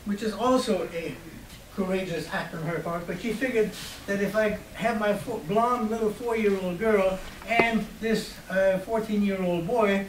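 A man's voice: high-pitched, measured pace, echoey room, distant mic, background noise. An older man, a Holocaust survivor, telling his life story to an audience in a wry, conversational way. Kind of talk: storytelling talk. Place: hall at a university.

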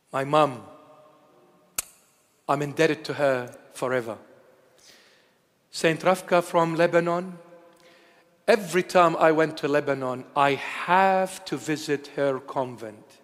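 A man of Assyrian heritage preaching a sermon, telling stories in an animated way that swings between loud declarations and hushed asides. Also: on the high side, takes it slowly, pauses often, long reverb tail.

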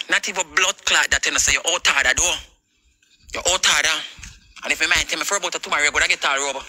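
A woman's voice: lowish voice, bright, forceful tone, dry recording, poor audio. A Jamaican woman on a livestream, confronting someone in a heated, repetitive rant full of swearing.

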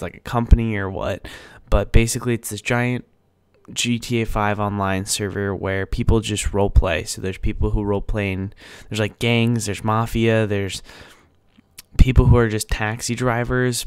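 A man's voice: lowish voice, clear, resonant tone, no room sound. A young man hosting a podcast in casual chat, rambling enthusiastically with lots of fillers. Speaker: podcast host.

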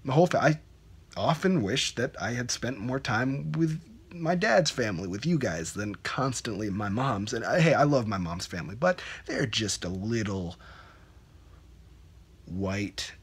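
A man's voice: medium pitch, expressive, a little slow, slightly rough, heavily acted. Jakey, a stammering, awkward young man, as a man plays him. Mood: rambling confessional. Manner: rambling, stammering, with frequent restarts. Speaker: main character. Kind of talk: low-budget comedy web series acting.

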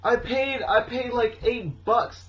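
A man's voice: very high voice, slow, fairly bright tone. A young man vlogging, complaining in an exasperated, profane rant straight to the camera. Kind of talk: casual ranting vlog. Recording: dull lo-fi audio with faint hiss.

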